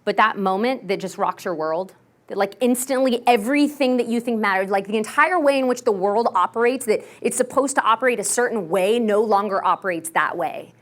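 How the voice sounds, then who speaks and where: A young woman from Texas gives a candid, animated keynote story. She leans heavily on "like" and acts out the voices she quotes. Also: mid-range voice, brisk. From Texas, USA. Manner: candid and self-mocking. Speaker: motivational keynote speaker. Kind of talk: personal storytelling talk.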